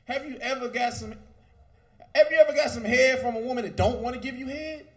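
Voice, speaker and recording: A man in his thirties performing a loud, profane stand-up comedy set. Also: extremely high pitch, brisk. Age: 30s. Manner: loud, animated, profane delivery.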